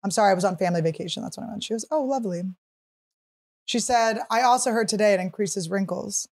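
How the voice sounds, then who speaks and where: A woman in her thirties tells a funny story on her podcast in a loose, chatty way. Her pitch sits at an ordinary middle height. She slips in and out of other people's voices as she quotes them. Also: very fast. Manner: animated, acts out others' quotes, shrieks while teasing. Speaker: podcast host. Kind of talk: casual comedic storytelling.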